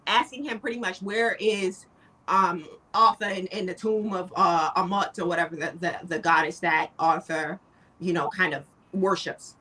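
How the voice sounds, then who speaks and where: Bright-voiced woman recapping casually. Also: lowish voice, moderate pace, recorded from a distance. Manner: relaxed, recapping with filler and quoted lines. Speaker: podcast co-host. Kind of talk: casual chat.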